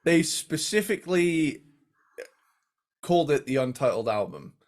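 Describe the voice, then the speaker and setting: A man co-hosting a casual music ranking talk show, laid-back and quick to laugh, with lots of filler words. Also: a little high, very animated. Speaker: podcast co-host.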